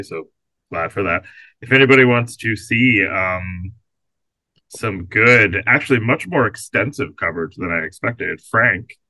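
A man co-hosting a podcast in casual chat, with dry, teasing, deadpan humor. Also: low-pitched, no echo. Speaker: podcast co-host.

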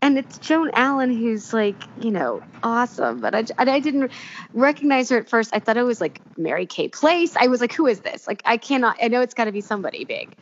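A woman in casual chat, animated and giggly, with many fillers and restarts. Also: on the high side, a little fast. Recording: dull lo-fi sound with faint room noise.

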